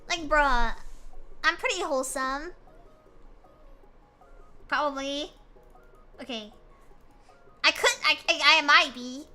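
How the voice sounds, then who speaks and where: A woman's voice: sits high, takes it slowly, long pauses, sharp tone, faint music behind. A woman streamer chatting casually with her viewers, complaining in a playful, mock-dramatic way.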